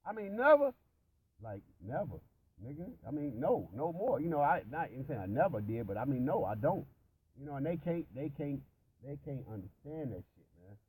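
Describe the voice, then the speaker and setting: A man's voice: medium pitch, lively intonation, fairly quick, dark tone, a little hiss or hum, low-quality recording. A man telling stories and preaching in casual, profanity-heavy chat, rambling with many restarts. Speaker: religious discussion participant.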